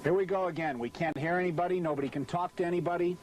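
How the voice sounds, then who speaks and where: A frustrated announcer swearing nonstop and barking at the crew during a commercial recording session. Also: male voice, high voice, fairly even intonation, racing, darkish tone, slight background noise. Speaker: voice-over announcer. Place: recording set with hot lights and a car.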